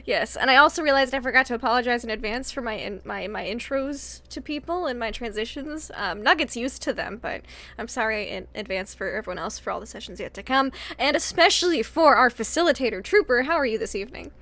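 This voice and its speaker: Brief: bubbly woman host, a bit high, playful tabletop chat. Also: a little fast, pushed and bright. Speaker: host and player. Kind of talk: casual chat.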